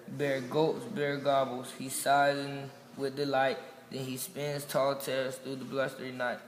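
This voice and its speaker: A man reading a children's picture book aloud, slow and gentle. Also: medium pitch, flat delivery, slight background noise. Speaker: storybook reader. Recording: echoey room with long reverb.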